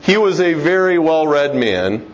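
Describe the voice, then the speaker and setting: Man speaking, slightly high voice. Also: sing-song, measured pace, lo-fi sound. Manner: conversational, with restarts and rhetorical questions. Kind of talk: informal talk on religion and history. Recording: faint background noise.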